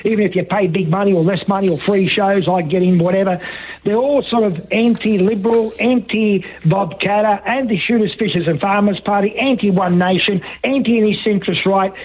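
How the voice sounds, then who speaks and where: A man's voice: sits high, steady tone, moderate pace, breathy edge. A man calling in to a talk radio show, rambling and repeating himself insistently over a muffled phone line. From Australia. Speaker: caller.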